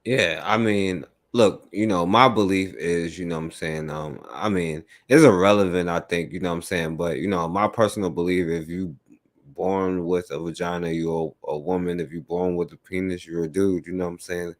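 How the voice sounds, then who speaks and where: A man's voice: low-pitched, fairly even intonation, moderate pace. A man hosting a podcast, talking in a laid-back way and filling his speech with "you know what I'm saying.". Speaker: podcast host. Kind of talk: casual talk.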